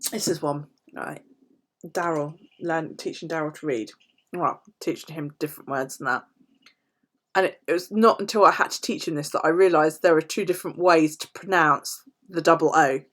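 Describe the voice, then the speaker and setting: A woman's voice: low voice, moderate pace, fairly bright tone. A British woman vlogger chatting casually to her viewers, swearing freely and laughing often. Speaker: planner vlogger. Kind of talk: casual chat to live viewers.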